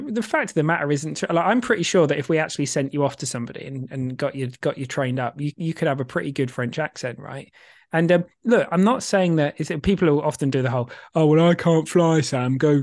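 A man co-hosting a podcast, explaining ideas in an animated, emphatic way with casual swearing. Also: a little high, no echo, clean studio sound. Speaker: podcast co-host.

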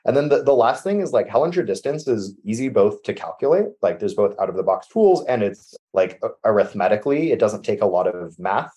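A man with a low, mellow voice explains technical ideas in a loose, conversational way. He leans on fillers and restarts, and his sentences often drop off quietly at the end. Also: expressive, a little fast, hardly any pauses. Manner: casual, many fillers like "like" and "you know", trails off softly at sentence ends. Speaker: MLOps architect guest.

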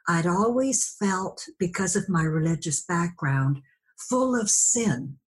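A woman guest sharing a personal story in a conversation, reflective, acting out remembered dialogue. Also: lowish voice.

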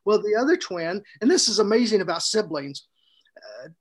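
A man co-hosting a podcast, telling a story in a casual, animated way, laughing often and restarting his sentences. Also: sits high, normal speed, slightly rough. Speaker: podcast co-host and author.

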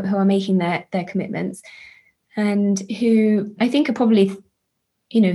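A woman's voice: mid-range voice, darkish tone. Earnest woman reflecting in interview. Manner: earnest, halting restarts, enthusiastic. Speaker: charity chief executive, guest.

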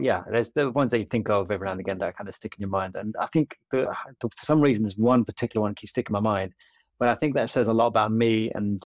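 A young man, a junior doctor, telling a story in casual, self-deprecating, rambling podcast chat. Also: dry recording. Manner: rambling, self-deprecating, quick and low-key.

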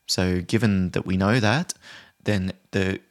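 A man who trains people in conflict resolution, giving a calm, measured solo talk. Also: deep voice. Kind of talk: podcast explainer, solo talk.

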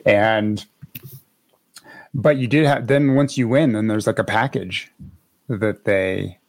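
A man with a fairly low voice hosts a relaxed podcast conversation. He rambles along with plenty of "like"s and restarts, and the close, dry sound has almost no room echo. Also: slow pace. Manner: chatty, rambling, many fillers and restarts. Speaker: podcast host. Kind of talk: casual podcast chat.

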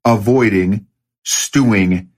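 Male guest, lowish voice, emphatic, repeats points. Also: takes it slowly. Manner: emphatic, repeats key phrases. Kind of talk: casual interview.

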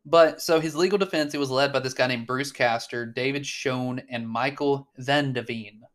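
A man's voice: medium pitch, steady tone, normal speed, fairly bright tone. A man co-hosting a casual political chat, blunt and swearing often, with lots of fillers and restarts. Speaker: podcast co-host.

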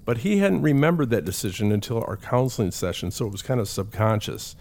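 A man's voice: fairly low pitch, sing-song, brisk, gravelly, darkish tone. A middle-aged man, a counselor, telling stories from his practice in a conversational way. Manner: conversational storytelling with acted quotes. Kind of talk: talk.

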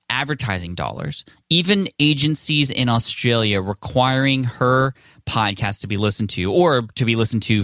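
A man's voice: mid-range voice, a bit bright, dry recording. Enthusiastic guy hosting his podcast, chatty and upbeat, dry close mic. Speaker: podcast host. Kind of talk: casual podcast intro and ad read.

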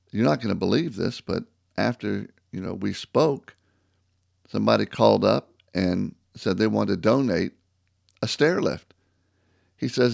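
In a low, gravelly voice, a man gives a personal faith testimony, acting out phone calls as he tells the story and growing reflective when he reads scripture. It's a devotional talk recorded in clean studio sound without echo.

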